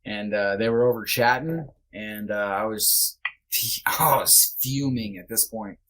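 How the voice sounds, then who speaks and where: This podcast guest has a lowish, somewhat bright voice and keeps a measured pace. He tells a personal story with candor, talking in a loose, filler-heavy way, and he's blunt enough to curse now and then.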